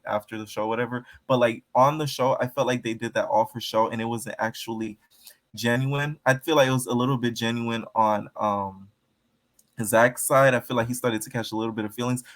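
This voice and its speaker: A man's voice: mid-range voice, fairly bright tone. Sassy gossiping man on a vlog. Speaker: reality TV commentator. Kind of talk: casual commentary vlog.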